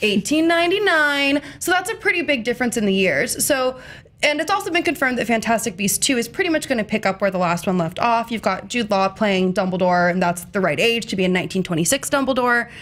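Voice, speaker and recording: A woman's voice: on the high side, lively intonation, fast talker, fairly bright tone. A woman guest on an entertainment news panel, eagerly explaining theories in casual talk. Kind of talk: casual discussion.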